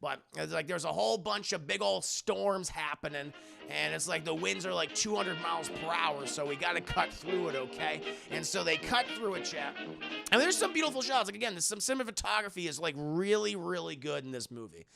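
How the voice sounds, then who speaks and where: A man's voice: high-pitched, expressive, a little fast, creaky, music in the background. A man streaming a casual, profane spoiler recap of a film, rambling and talking to his live chat.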